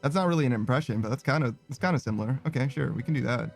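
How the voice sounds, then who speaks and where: A man giving casual, profane, excitable commentary while streaming a game. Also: medium pitch, very fast, gravelly, faint music behind. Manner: profane, excitable, laughing asides.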